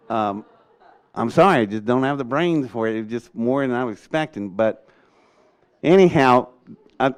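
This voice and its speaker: An older man telling a story in a lively way. He laughs often and acts out what other people said. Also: medium pitch, clear, resonant tone. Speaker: speaker recounting a rocket test. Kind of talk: animated storytelling talk.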